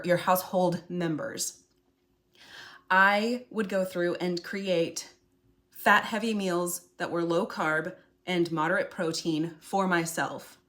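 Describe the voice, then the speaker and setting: A woman with a fairly low voice talks straight to her viewers in a relaxed, chatty way. She sounds earnest and gently encouraging, like a food vlogger sharing what worked for her. Her tone stays warm in intent without any hard sell. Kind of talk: casual encouraging monologue to camera.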